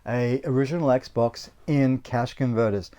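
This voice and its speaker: Chatty Australian man with a mellow voice. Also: medium pitch, measured pace. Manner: rambling and chatty, with many fillers and restarts. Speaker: host of a retro console restoration channel. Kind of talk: casual narration of a restoration video.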